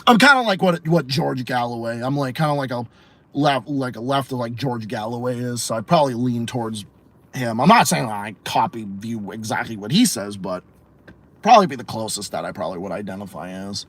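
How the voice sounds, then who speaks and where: A podcast host from Massachusetts, with the accent to match, rants bluntly on a livestream, swearing heavily and sharing strong opinions as he answers chat. His medium-pitched voice is fairly bright, brisk, and lively in intonation.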